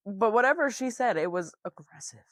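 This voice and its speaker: A woman's voice: fairly high pitch, no echo, studio quality. A woman co-hosting a podcast, chiming in with teasing comments and laughter. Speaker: podcast co-host. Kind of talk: casual chat.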